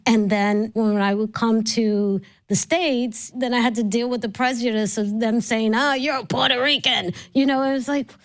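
Brief: middle-aged woman from New York, animated storyteller, a touch high-pitched. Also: normal speed, few pauses, clear, resonant tone. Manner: lively storyteller, laughs often, acts out voices. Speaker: podcast host guest. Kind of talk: casual interview chat.

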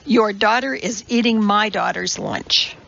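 A woman voicing a brisk, indignant woman chemist and mother who speaks in a clipped, precise and scolding way, in a storybook reading. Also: medium pitch, creaky, fairly bright tone, dull audio.

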